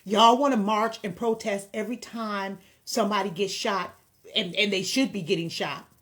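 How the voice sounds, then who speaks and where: Speaking at normal speed, a woman hosts a commentary video, offering counseling and lecturing viewers to camera in a blunt, impassioned way. Her medium-pitched voice is fairly bright with fairly even intonation.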